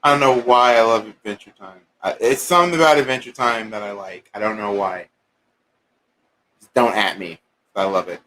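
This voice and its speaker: A man hosting a casual livestream, chatting and ranting in an animated, exasperated way. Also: fairly low pitch, normal speed, a little hiss or hum. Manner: animated, exasperated rants with bursts of singing. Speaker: livestream host.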